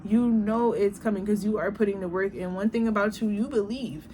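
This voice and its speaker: A woman giving a casual tarot reading, talking bluntly and profanely, animated and laughing often. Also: mid-range voice, a little fast. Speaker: tarot reader. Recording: background noise.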